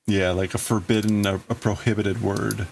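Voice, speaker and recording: Gravelly man translating manga live. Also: fairly low pitch, flat delivery, normal speed, darkish tone, slight background noise. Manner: thinks aloud, tries out wordings. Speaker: livestream host translating manga. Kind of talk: casual live translation commentary.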